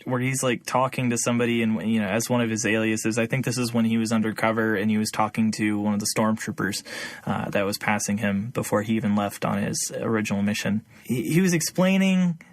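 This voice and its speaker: A man's voice: fairly low pitch, fairly even intonation, fairly quick, dry recording. A young man co-hosting a podcast, talking casually with lots of fillers and laughing often. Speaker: podcast co-host. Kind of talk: casual chat.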